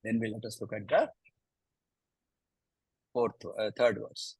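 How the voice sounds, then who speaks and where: A man with an Indian English accent teaching a scripture class, chanting verses slowly and then explaining them with lively emphasis. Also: on the low side, slightly rough, dry recording, low-quality recording. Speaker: Gita teacher.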